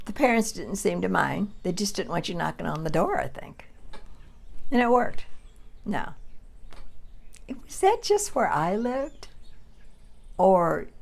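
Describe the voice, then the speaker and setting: A woman's voice: on the low side, creaky. A woman in her eighties reminiscing in a chatty, rambling way on her front porch for a vlog. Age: 80s. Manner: chatty, rambling, calls out names in a sing-song. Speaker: vlogger.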